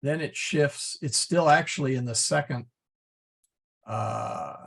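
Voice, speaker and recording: A man teaching a class, explaining step by step in a patient, methodical way with frequent pauses and fillers. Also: mid-range voice, creaky. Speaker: Latin teacher.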